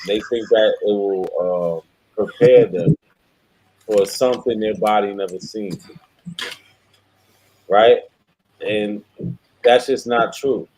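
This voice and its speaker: A man's voice: fairly low pitch, slow, long pauses, darkish tone, poor audio. A man in casual podcast chat, blunt and profane when he makes a point.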